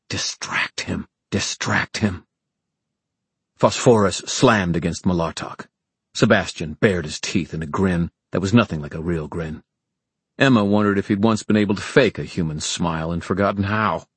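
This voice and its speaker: A man reads an audiobook with dramatic, measured narration. His voice is very deep and husky, and the sound is dry and close. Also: dry recording. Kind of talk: scripted narration.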